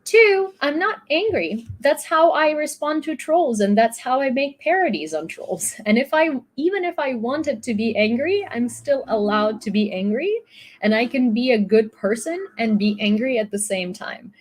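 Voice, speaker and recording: A woman's voice: a little high, animated, moderate pace. A young woman from Ukraine, chatting loosely through a news recap with fillers and restarts. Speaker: YouTube news host. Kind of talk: casual news commentary.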